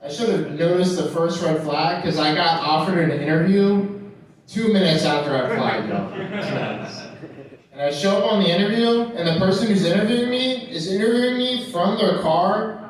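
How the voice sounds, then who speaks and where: Male stand-up, high voice, brash and chatty with the crowd, distant echoey club recording. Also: normal speed. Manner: animated, swears freely, talks straight to the audience. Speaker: stand-up comedian. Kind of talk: stand-up set. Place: nightclub stage.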